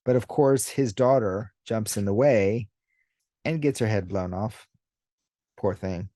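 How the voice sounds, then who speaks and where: Slow, low-voiced man chatting about comics. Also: no echo, studio quality. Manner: relaxed and unhurried, with many fillers, acting out characters' lines in a raised voice. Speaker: YouTube host discussing manga. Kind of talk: casual commentary.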